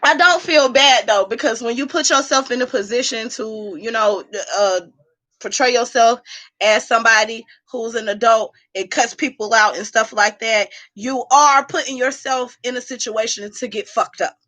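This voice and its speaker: A woman hosting a casual livestream while drinking, sassy and animated as she talks back to the chat from home. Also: fairly high pitch, moderate pace. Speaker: livestream host.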